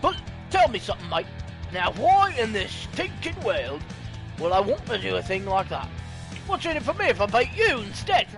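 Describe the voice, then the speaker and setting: A man's voice: sits high, sing-song, normal speed, creaky, pitched above the performer's own voice, heavily acted. A man voicing a brash, jeering male rival leader in a made-up cockney accent, over game music. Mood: gloating. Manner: jeering, bellowing.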